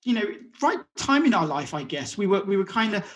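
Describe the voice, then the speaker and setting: A man's voice: sits high, very animated, fairly bright tone. A man, a guest talking openly in an interview, often repeating and restarting words and acting out what others said. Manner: halting, repeats words, acts out quotes. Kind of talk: conversational interview.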